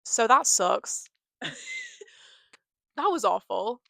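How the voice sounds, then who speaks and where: A woman's voice: on the high side, very slow, vocal fry, no echo. Young woman rambling on her bed, dry close sound, lots of likes and you knows. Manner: chatty, frequent "like" and "you know", animated. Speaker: vlogger. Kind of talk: casual confessional chat. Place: bedroom.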